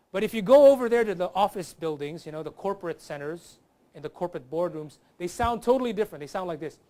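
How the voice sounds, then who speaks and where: A man's voice: high voice, fast. A man, a comedian guest on a talk show, telling a lighthearted stand-up bit. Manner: lively, does accent impressions.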